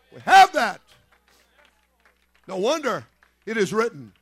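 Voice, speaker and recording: A man's voice: extremely high pitch, a bit bright, dry recording. A man pastor preaching a fervent sermon, repeating phrases and calling out amens.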